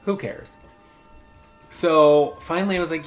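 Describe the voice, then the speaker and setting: A man hosting a podcast, telling a story in casual chat with a campy, animated manner. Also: mid-range voice, normal speed, vocal fry, soft background music. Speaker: podcast host.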